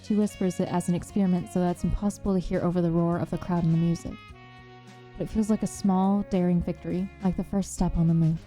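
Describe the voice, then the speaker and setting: A woman's voice: on the low side, level tone, quick pace, warm tone, faint music behind. A woman streamer reading a visual novel aloud, then gushing over it in an earnest, emotional way.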